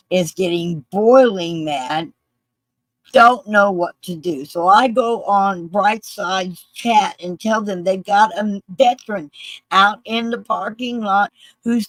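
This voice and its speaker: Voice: mid-range voice, fairly bright tone, no echo, low-quality recording. A speaker earnestly retelling a personal story with quoted voices.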